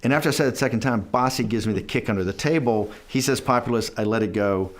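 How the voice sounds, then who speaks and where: A man's voice: fairly low pitch, fast talker. Man telling a rambling anecdote. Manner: rambling, self-interrupting storyteller; quotes others in dialogue. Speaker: interview guest. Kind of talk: casual anecdote in an interview.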